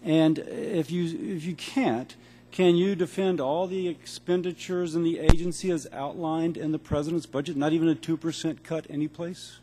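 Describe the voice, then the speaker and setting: A man who is a congressman and physician, questioning a witness at a hearing in a brisk, auctioneer-like way with blunt yes-or-no questions. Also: a little high, steady tone, dark tone. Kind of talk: rapid-fire hearing questions. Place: large hearing room.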